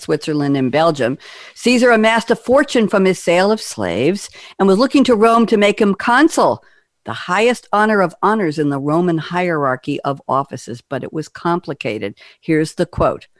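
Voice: medium pitch, animated, moderate pace, dry recording, clean studio sound. A host running a casual panel chat, playful and laughing often.

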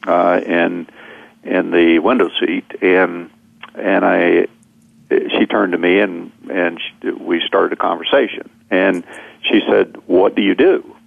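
A man's voice: low voice, little pitch movement, takes it slowly, vocal fry, no echo, narrow, tinny audio. A man, a seminar speaker, telling a long story in conversation, rambling with many fillers and repeated words.

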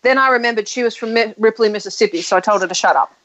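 A woman's voice: a little high, rapid-fire, a crowd in the background. An Australian woman in casual chat, opinionated and talkative, laughing often. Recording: dull lo-fi sound.

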